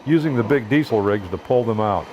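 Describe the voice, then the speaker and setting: A man narrating a fishing trip as host, in a measured, plainspoken voice-over. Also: lowish voice, animated, very noisy.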